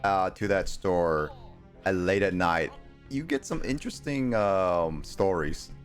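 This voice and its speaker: Young man, game streamer, rambling and halting, very lively pitch, faint game music in the background. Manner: rambling, halting, full of fillers. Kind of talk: casual chat on a gaming livestream.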